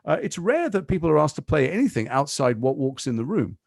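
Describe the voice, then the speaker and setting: An English man in his fifties, a guest actor in a podcast interview, telling stories quickly with lots of asides. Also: fairly high pitch, vocal fry, dry recording, clean studio sound. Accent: English, Liverpool and London mix. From England. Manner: fast, animated storytelling with asides.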